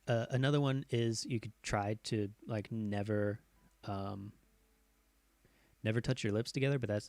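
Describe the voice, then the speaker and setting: A man hosting a casual live stream, rambling with many fillers and tangents and sometimes shifting his pitch and pace to show voice tricks. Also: darkish tone, dry recording. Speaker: host.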